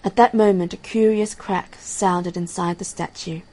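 Woman, storybook reading, husky, slightly low voice, gentle and measured. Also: fairly even intonation, rough recording.

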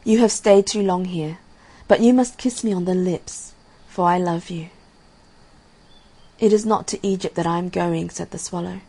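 Female storyteller for a fairy tale; breathy tone, lowish pitch, calm and measured. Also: poor audio. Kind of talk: storybook reading.

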